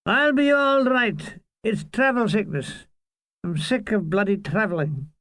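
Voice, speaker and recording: A man's voice: sits high, animated, measured pace, fairly bright tone, no echo, pitched above the performer's own voice. A man voicing his army mate, a wry soldier with dry, teasing banter.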